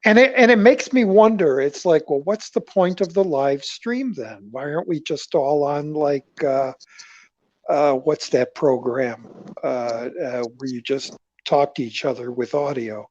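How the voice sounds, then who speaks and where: A man's voice: a little high, unhurried, a little mellow, no echo, muffled recording. A man chatting casually on an online call, joking and rambling as he searches for words. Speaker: guest caller. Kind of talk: casual chat.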